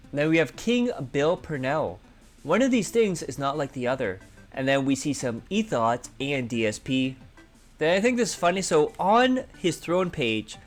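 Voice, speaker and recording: Lively sarcastic male commentary host. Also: a little high. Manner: sarcastic, recapping events. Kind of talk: narrating commentary over clips.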